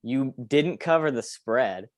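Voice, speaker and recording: A man's voice: mid-range voice, lively intonation, takes it slowly, no echo. A young man hosting a casual sports podcast, opinionated and rambling with lots of fillers. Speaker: podcast host.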